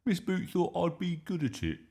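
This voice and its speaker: A man's voice: high-pitched, lively intonation, normal speed, gravelly, dark tone, pitched above the performer's own voice. A man voicing a mischievous, stubborn six-year-old boy in a read-aloud storybook, indignant and protesting. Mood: boastful.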